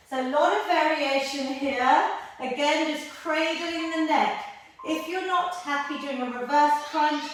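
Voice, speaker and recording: A fitness instructor coaches a workout from her mat, cheering people on while panting as she exercises alongside them. Her voice is high and fairly bright. The room is echoey and she sounds distant from the mic.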